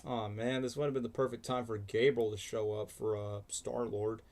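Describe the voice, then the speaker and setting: A man's voice: medium pitch, flat delivery, normal speed, music in the background. A man hosting a casual reaction livestream, rambling and chatty, saying "bro" and "like" a lot. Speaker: livestream host. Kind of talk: casual reaction stream chat.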